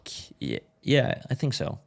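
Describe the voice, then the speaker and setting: A man's voice: medium pitch, huge pitch swings, measured pace, vocal fry. A man, a motorcycle racer guest, casually telling a story with lots of "like" and swearing. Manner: laid-back, swears freely, filler "like".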